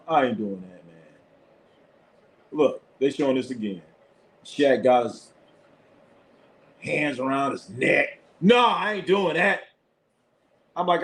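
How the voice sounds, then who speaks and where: A man's voice: mid-range voice, fairly bright tone. A man hosting a live sports stream, talking loosely in casual chat, blunt and profane, laughing often. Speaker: sports show host.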